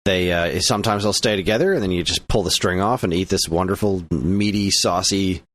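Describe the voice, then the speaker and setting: A man's voice: sits low, a little fast, a bit bright, no room sound. A man from the United States co-hosting a casual podcast, rambling along with plenty of fillers and restarts. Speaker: podcast co-host.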